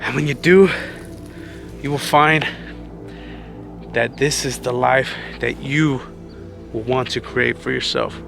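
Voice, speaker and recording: Gravelly-voiced man giving earnest life advice. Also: medium pitch, steady tone, takes it slowly, music in the background. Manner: earnest, conversational, says "man" often. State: slightly out of breath. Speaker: vlogger. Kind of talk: casual motivational talk.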